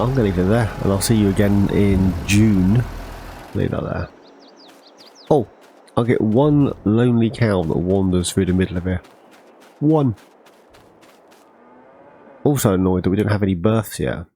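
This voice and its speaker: A man's voice: fairly low pitch, mellow, husky, rough recording. A man chatting casually as he plays a farming game, rambling and correcting himself. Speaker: gaming channel host.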